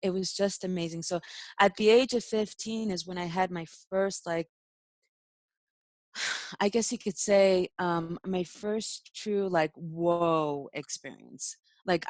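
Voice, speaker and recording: A woman's voice: lowish voice, no echo. A young woman, a spiritual teacher, telling a personal story in casual talk, emotional, laughing often and using many fillers.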